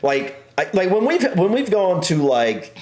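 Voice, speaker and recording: A man's voice: high-pitched, sing-song, a little slow, darkish tone, echoey room. An American man from the United States co-hosting a casual reaction chat, laughing often and stumbling over repeated words. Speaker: reaction channel co-host.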